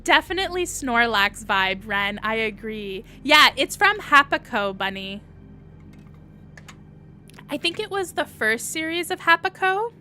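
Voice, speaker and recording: Young female streamer, fairly high voice, unhurried chatty delivery, reacts to chat. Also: sing-song, bright, forceful tone. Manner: chatty, reads and answers viewer comments. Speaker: livestream host. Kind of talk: casual livestream chat.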